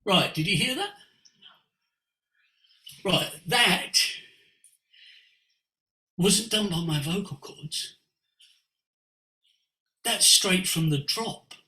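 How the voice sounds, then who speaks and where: A man's voice: high-pitched, extremely slow, long pauses. A man, a voice coach, giving a passionate, preachy teaching talk over a video call. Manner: animated and preachy, sweeping emphasis. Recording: roomy echo.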